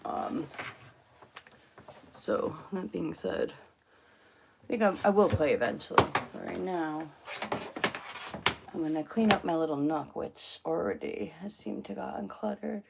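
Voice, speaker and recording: A woman's voice: low-pitched, lively intonation, measured pace, gravelly, pauses often, very noisy. A woman hosting a casual livestream just after waking up, rambling along with lots of fillers and restarts. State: just woke up. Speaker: livestream host. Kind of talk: casual chat. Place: home room.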